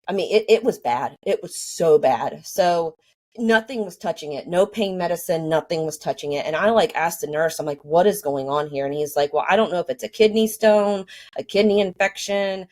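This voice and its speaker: A woman's voice: fairly low pitch, moderate pace, a little mellow. A woman telling her own story casually, rambling with many fillers and acting out what people said. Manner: rambling, lots of fillers, acts out quoted dialogue.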